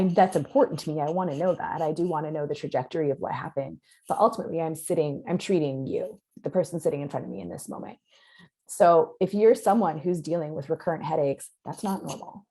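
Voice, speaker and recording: A woman with a low voice talks through her clinical approach on a podcast. She speaks earnestly and straight to the listener. Her voice is going hoarse as she talks. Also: a little fast, warm tone. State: losing her voice. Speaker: concussion clinician guest. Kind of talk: podcast interview.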